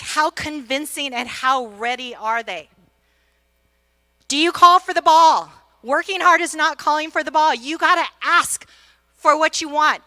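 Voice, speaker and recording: A middle-aged woman gives a motivational talk on a conference stage, speaking straight to the audience as an executive coach. Her voice is high and bright, and she acts out the quotes in her stories with plenty of energy. The sound is dry and close. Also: dry recording.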